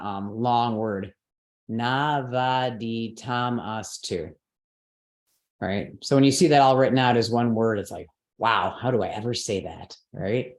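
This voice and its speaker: A woman teaching a live class, explaining step by step, checking that her students follow, and correcting her own slips out loud. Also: a bass voice, echoey room. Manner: patient, step-by-step explaining with frequent checks for understanding.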